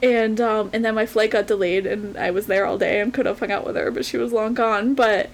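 A woman's voice: medium pitch, fairly even intonation, fairly quick, a little hiss or hum. A young woman co-hosting a podcast, telling a rambling story in a chatty way and laughing often. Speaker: podcast co-host. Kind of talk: casual chat and storytelling.

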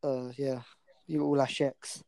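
Chatty male co-host, effusive tangent-prone rambler, warm tone, dry close mic. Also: mid-range voice, little pitch movement, measured pace, gravelly, no room sound, poor audio. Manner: rambling, effusive, easily sidetracked. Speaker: podcast co-host. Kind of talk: casual chat.

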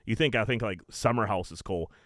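A man's voice: on the low side, brisk, a bit bright, no room sound, studio quality. A man hosting a podcast, chatting casually and crudely, saying dude a lot. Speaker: podcast host. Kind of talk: casual banter.

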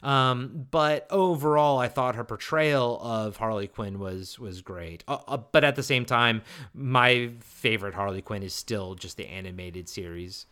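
A man's voice: mid-range voice, a little slow, bright, forceful tone, clean tone. A man from Maryland co-hosting a podcast, chatting casually in a rambling, enthusiastic way with frequent restarts. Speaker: podcast co-host. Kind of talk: casual chat.

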